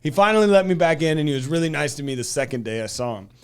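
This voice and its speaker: A young man co-hosts a casual podcast chat with a slightly high voice. He tells stories with animated energy and slips into exaggerated voices when he quotes people. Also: racing, clear, resonant tone. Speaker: podcast co-host.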